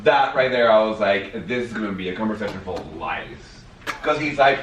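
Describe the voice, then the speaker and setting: A man's voice: lowish voice, animated, fairly quick, fairly bright tone, recorded from a distance. A man chiming in on a casual vlog, adding dry comments to the story. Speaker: vlogger's husband. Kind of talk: casual chat. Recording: roomy, off-mic with faint noise.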